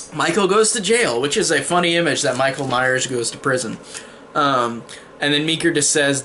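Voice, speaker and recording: A man's voice: mid-range voice, pushed and bright, slight background noise. A man giving a casual spoiler review of a horror film, retelling the plot in long "and then" chains with casual swearing.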